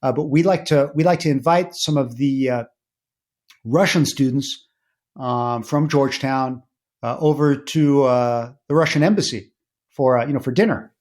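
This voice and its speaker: A middle-aged man, a podcast guest, telling family anecdotes in a casual interview, animated and full of fillers. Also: normal speed. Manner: animated anecdotes with many fillers, rising pitch when excited.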